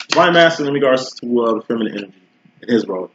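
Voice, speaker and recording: A man's voice: medium pitch, animated, racing, noisy background. A man giving a casual tarot reading, talking straight to the viewer in slangy, profane, conversational speech. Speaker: tarot reader. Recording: roomy, dull lo-fi recording.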